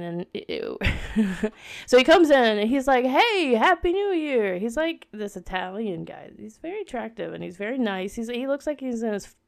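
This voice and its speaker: A woman's voice: mid-range voice, gravelly, smooth. A woman in her thirties chatting casually on her own podcast, rambling and restarting, with lots of filler words. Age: 30s. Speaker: podcast host. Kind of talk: casual solo podcast chat.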